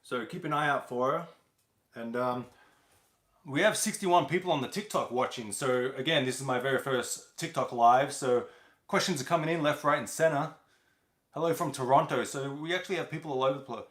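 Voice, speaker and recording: A man's voice: mid-range voice, a little fast, fairly bright tone, echoey room. A man hosting a casual livestream chat, talking loosely with lots of fillers and restarts. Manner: loose, rambling, with many fillers. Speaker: host of a car wash business channel. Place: home.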